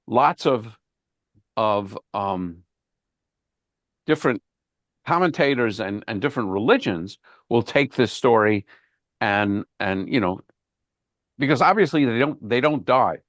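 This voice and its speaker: Rabbi teaching an online class: mid-range male voice, dry video-call audio, unhurried and thinking aloud. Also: medium pitch, lively intonation, a bit bright, no echo. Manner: thoughtful, repeats words while thinking. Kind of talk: informal online Bible class.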